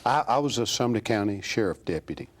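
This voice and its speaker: A man, a country singer guest telling an animated, folksy anecdote in a TV studio. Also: lowish voice, fast talker. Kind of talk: casual storytelling.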